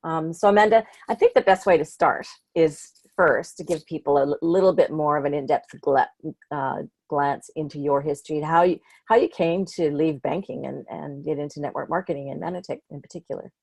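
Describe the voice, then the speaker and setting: Low-voiced female host, dry and close. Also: a little fast, a little mellow, no room sound. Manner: reads the intro, then hesitant with fillers and restarts. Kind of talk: introducing a guest on a call. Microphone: video call.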